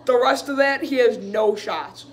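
A man with a very high voice reacts live as a frustrated fan, calling the plays a little slowly and venting. He's excitable and partisan, and he keeps saying "dude."

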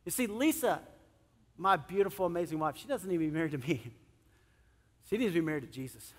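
A middle-aged male pastor preaching a sermon, animated, swinging between loud emphasis and soft, earnest moments. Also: a little high, fast talker. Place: church sanctuary. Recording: long church hall reverb.

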